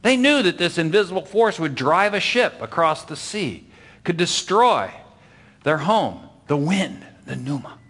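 A man's voice: a little high, big pitch swings, unhurried, fairly bright tone. A man teaching a Bible lesson, explaining patiently and checking in with his listeners, often dropping his voice for effect. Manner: explains patiently, asks the audience for agreement.

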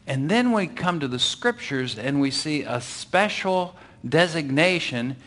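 A man's voice: on the high side, fairly bright tone. Man teaching a Bible lesson. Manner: explains patiently, asks the audience for agreement.

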